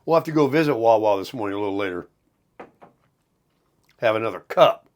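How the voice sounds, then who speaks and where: A man's voice: lowish voice, lively intonation, fairly quick. A middle-aged man chatting casually to viewers while cooking breakfast in his kitchen, rambling from one thing to the next. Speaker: vlogger. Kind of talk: casual morning vlog chat. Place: home kitchen, RV.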